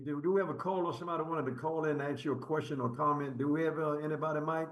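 Male radio host, bit high voice, chatty, asks lots of questions. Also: steady tone, racing. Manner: conversational, questioning. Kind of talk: radio interview.

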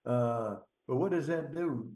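A man's voice: mid-range voice, a little slow, dark tone. A man hosting a radio interview, asking questions in a conversational way. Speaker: radio show host.

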